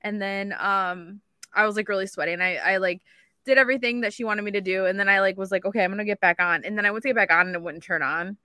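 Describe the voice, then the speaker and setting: A woman's voice: medium pitch, quick pace, dry recording, clean studio sound. Chatty woman telling a rambling story. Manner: animated storytelling, lots of "like", swears. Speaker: podcast co-host. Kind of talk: casual chat.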